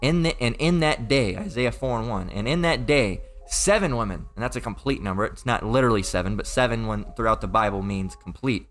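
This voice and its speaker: A man's voice: medium pitch, expressive, fairly quick, few pauses, fairly bright tone, faint music behind. A man giving an informal sermon in a rambling, emphatic way, often profane and full of repeated filler tags. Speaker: preacher.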